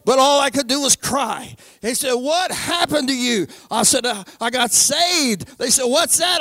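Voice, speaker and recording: A man preaching his own testimony, fervent, rising into shouts and dropping to hushed tones. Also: extremely high pitch, animated, measured pace, few pauses, no echo. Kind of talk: sermon testimony.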